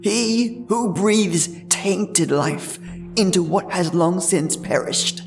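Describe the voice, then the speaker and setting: A man voicing an eerie old grandmother who tells ghost stories in a slow, ominous hush. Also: sits high, vocal fry, distant mic, faint music behind, pitched above the performer's own voice, heavily acted. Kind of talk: horror story narration.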